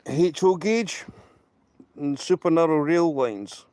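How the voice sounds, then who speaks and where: Slow-talking Scottish man live-streaming outdoors. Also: a little high, sing-song, no echo. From Scotland. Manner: rambling, emphatic, repeats himself. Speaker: trainspotting livestreamer. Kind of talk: casual live-stream chat, answering viewers. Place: outdoors by a railway line in light rain.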